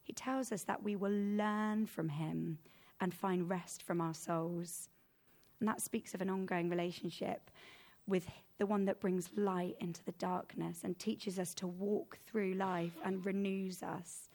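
A woman giving a sermon as preacher, earnest and conversational, growing animated when she tells everyday examples. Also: medium pitch, a little slow.

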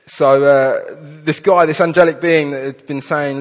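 A man preaching a sermon, reading scripture aloud and then explaining it in an earnest, animated way, often restarting his phrases. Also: a little high, measured pace. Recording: long hall reverb.

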